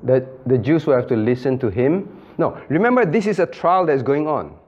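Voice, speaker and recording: A man's voice: medium pitch, lively intonation, normal speed, darkish tone, muffled recording. A man, a pastor, leading an interactive Bible study, calling on listeners by name, repeating phrases and acting out quoted dialogue.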